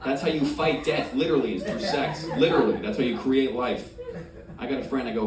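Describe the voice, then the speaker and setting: A man doing a stand-up comedy set on a club stage, brash and crude, swinging from loud punchlines to mumbled asides. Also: medium pitch, quick pace. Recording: roomy club sound from far off, loud crowd noise.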